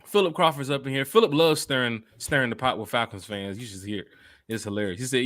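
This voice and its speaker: Hyped podcast host, bright voice. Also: male voice, mid-range voice, quick pace. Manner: loud, hyped, talks to the live chat. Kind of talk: casual fan podcast chat.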